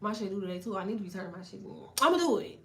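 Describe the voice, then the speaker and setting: A woman's voice: mid-range voice, very fast. A woman tarot reader chatting on a live stream, cursing freely, laughing often and talking back to viewers in the chat. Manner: profane, animated, laughing, reads chat aloud.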